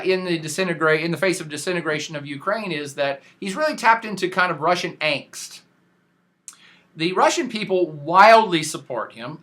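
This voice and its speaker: A professor gives a casual podcast lecture on world affairs in a high-pitched voice. He's animated, slangy and emphatic, often restarting his sentences.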